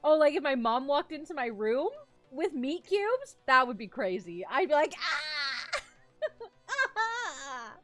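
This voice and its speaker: A young woman streamer chatting casually with her live chat, telling a story in a giggly, animated, rambling way. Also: high voice, normal speed, no echo, soft background music. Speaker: vtuber streamer.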